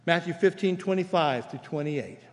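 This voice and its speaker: A man's voice: on the high side, normal speed, long reverb tail. A man preaching a sermon as pastor, explaining scripture in a conversational way and reading quoted passages aloud. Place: church sanctuary.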